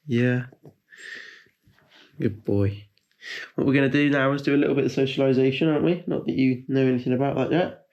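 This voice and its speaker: A man in his twenties or so, chatting casually to his camera at a mid-range pitch. He coos gentle praise in a sing-song way, then drifts into loose, hesitant explaining with plenty of ums. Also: muffled recording. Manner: coaxing, sing-song puppy talk mixed with rambling explanation full of ums. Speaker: vlogger and new puppy owner. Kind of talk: casual vlog chat.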